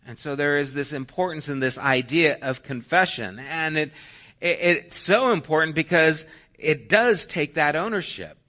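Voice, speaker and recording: A man's voice: fairly high pitch, moderate pace, bright, forceful tone. A middle-aged man preaching a sermon, telling a personal story in a conversational, anecdotal way with self-deprecating humor. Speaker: pastor.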